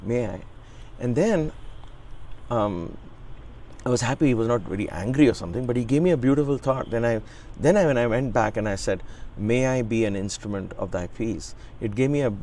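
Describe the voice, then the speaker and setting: A man's voice: medium pitch, a little fast, slight background noise. Earnest man telling a devotional story. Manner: earnest, reverent, quotes his teacher with lively emphasis. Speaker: interview guest. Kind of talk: conversational storytelling.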